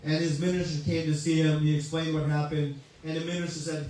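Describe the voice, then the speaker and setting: A man's voice: fairly high pitch, steady tone, brisk, hardly any pauses, mellow. A man, a spiritual teacher, giving a conversational sermon with a story. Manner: conversational, uses many "you know" asides. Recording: echoey hall, mic far off, faint ambience.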